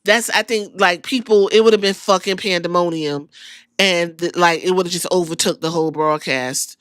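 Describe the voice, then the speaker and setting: A woman hosting a podcast, recapping events in a casual, profane, animated storytelling style. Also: fairly low pitch, normal speed, no room sound. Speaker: podcast host.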